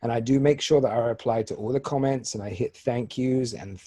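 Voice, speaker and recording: A man's voice: medium pitch, a little fast, warm tone. A man in his forties with an English accent, co-hosting a casual radio talk show in a joking, self-deprecating way. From England. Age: 40s. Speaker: podcast co-host. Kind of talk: casual chat.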